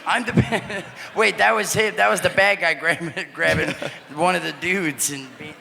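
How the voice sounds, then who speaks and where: A man co-hosting a live podcast, a goofy, giggly talker who keeps breaking into shouted bits. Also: sits high, steady tone, normal speed, gravelly. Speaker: podcast co-host. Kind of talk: casual live chat. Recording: hall reverb, faint room noise.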